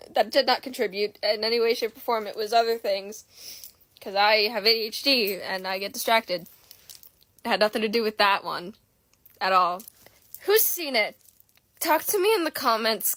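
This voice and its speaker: A woman's voice: mid-range voice, fairly bright tone, dry recording. A woman in a late-night casual vlog, rambling emotionally and swearing freely into her phone camera. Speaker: content creator.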